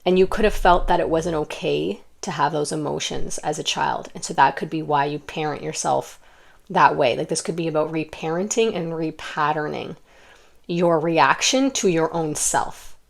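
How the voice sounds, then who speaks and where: Brief: young woman, lowish voice, gentle rambling card reader, lots of "like" and restarts. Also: normal speed, creaky. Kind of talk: intuitive pick-a-card reading.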